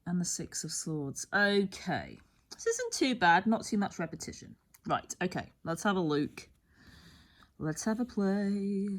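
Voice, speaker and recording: A woman with a medium-pitched, very animated voice talks unhurriedly through a tarot reading, her voice rising and falling a lot. She rambles and muses, often restarting her sentences, and sometimes sinks almost to a whisper.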